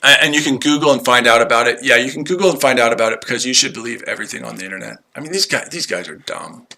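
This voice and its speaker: A man hosting a livestream addresses his chat viewers directly, swearing heavily and picking fights. His medium-pitched voice is very bright, cutting and gravelly, and he fires off words rapidly while repeating the same lines over and over.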